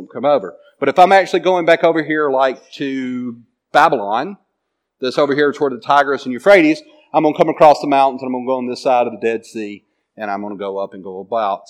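Man teaching a casual Bible class. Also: mid-range voice. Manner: conversational, asks the class questions. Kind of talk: classroom lecture with slides.

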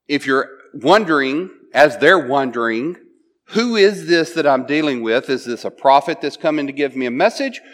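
A man delivers a sermon in a loose, conversational way, retelling scripture in his own words. His voice sits a bit higher than most men's. He keeps checking in with his listeners and often restarts his sentences. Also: a bit bright. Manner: conversational, often asks "right?" and restarts phrases. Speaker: preacher. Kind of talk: sermon, retelling a Bible passage.

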